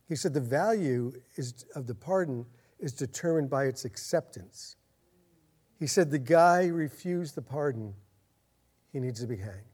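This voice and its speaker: A man preaching a sermon as a pastor, earnest, getting louder and slowing down to stress his points. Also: fairly high pitch, slightly rough. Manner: earnest, swells louder and slows down for emphasis.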